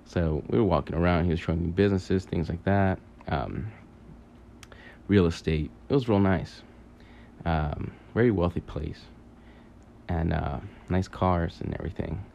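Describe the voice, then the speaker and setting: A man telling a long dream story in a halting, rambling way, full of fillers, restarts and casual swearing. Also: deep voice, vocal fry, darkish tone, highs cut off, slight background noise. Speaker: podcaster recounting a dream.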